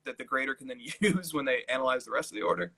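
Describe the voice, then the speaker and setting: Bright-voiced man in casual chat. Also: mid-range voice, lively intonation, rapid-fire, low-quality recording. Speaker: co-host. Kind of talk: casual live-stream chat.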